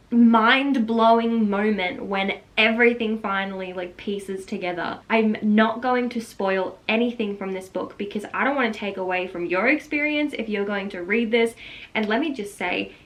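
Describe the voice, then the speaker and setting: A woman's voice: medium pitch, fairly bright tone, poor audio. A young woman, vlogging about a book in a casual, gushing way. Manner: gushing, breathless enthusiasm with frequent "like". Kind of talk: excited casual vlog.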